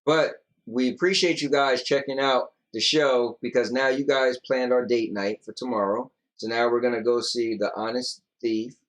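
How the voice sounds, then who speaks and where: A man's voice: medium pitch, fairly even intonation, moderate pace, hardly any pauses. A tired young man co-hosting a casual podcast, rambling loosely and reading out viewer comments. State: yawning, tired. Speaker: podcast co-host.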